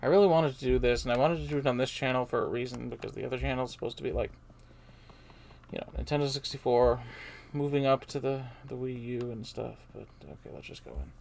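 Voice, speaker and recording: A woman's voice: a bass voice, fairly even intonation, fast, creaky, darkish tone, a little hiss or hum. A woman playing through a game and commenting, rambling with self-deprecating muttered asides. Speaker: let's player.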